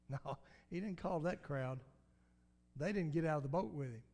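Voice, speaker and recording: A man's voice: fairly high pitch, normal speed, darkish tone. A man preaching a sermon in an emphatic, repetitive cadence, with swells of volume.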